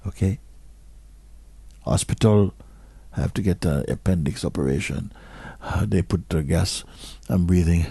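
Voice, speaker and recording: A man giving a slow, measured satsang talk as a spiritual teacher, often dropping to soft, hushed phrases. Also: sits low, vocal fry, slightly rough, no echo.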